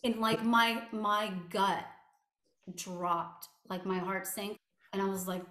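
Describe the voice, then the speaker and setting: A woman recounting a painful personal story as an interview guest, halting and full of fillers and restarts. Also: mid-range voice, fairly even intonation, bright, forceful tone. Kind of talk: personal testimony. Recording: echoey room.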